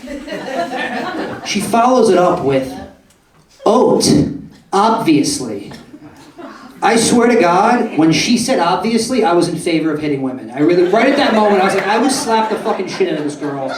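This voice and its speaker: A brash young man working a stand-up crowd, swearing freely and tossing "right?" at the audience. His voice sits slightly high for a man. It comes from a little way off the mic and rings in a roomy club. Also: expressive, quick pace, few pauses, distant mic. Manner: profane, brash, keeps asking the crowd "right?". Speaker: stand-up comedian. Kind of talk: stand-up comedy set. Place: comedy club stage.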